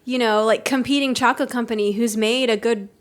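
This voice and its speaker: A woman's voice: on the high side, fairly even intonation, fairly quick. A woman co-hosting a casual chat, reading out questions in a chatty, teasing way.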